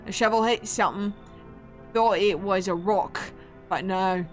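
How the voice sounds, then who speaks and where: A woman voicing a weary male grave digger in a rough, folksy put-on British-sounding drawl, in a video game. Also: medium pitch, measured pace, soft background music, close to an everyday voice. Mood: spooked. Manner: rough folksy drawl, stumbling over words.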